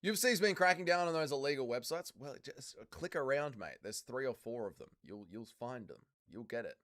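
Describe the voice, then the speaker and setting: A man's voice: medium pitch, expressive, brisk, a bit bright. A man hosting a live watch-along stream, reading viewer chat aloud and bantering crudely, swearing freely and calling people mate. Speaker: livestream host.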